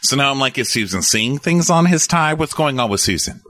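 A man's voice: mid-range voice, brisk, no echo. A man co-hosting a podcast, chatting casually and mockingly while recapping a movie. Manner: animated, mocking, jokey. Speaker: podcast co-host.

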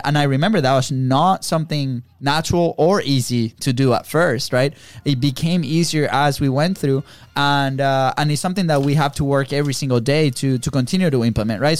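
A man's voice: mid-range voice, no echo. A man co-hosting a podcast, talking earnestly and often checking in with "right?". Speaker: podcast co-host. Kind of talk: casual conversation.

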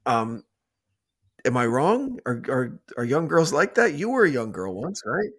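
A man's voice: medium pitch, a little slow, slight background noise. A man co-hosting a podcast, telling a story in casual chat with many restarts and asides. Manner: rambling, restarts, animated retelling. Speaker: podcast co-host.

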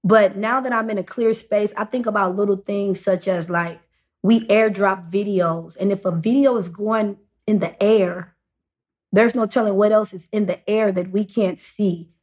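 A young woman sits in as a podcast guest and tells a long story in casual speech. She talks in halting runs and restarts often, leaning on small fillers between phrases. Her pitch sits in the middle range. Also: steady tone, darkish tone.

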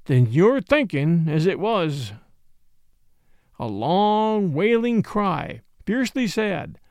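Man, audiobook narrator, expressive storytelling, gravelly voice, dry sound. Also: sits high, dry recording. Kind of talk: audiobook reading.

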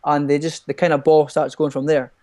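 A man speaking casually on a podcast about training clients. His voice is a little higher than most men's. He stumbles and repeats words as he works out what to say. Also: flat delivery, a little fast, dark tone. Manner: hesitant, repeats words while thinking. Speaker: personal trainer.

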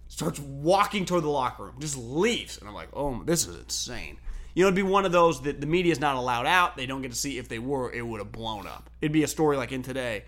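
A man co-hosting a sports talk show, telling stories in an animated, profane way and laughing often. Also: on the high side. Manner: animated storyteller, swears freely, laughs often. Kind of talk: casual sports debate chat.

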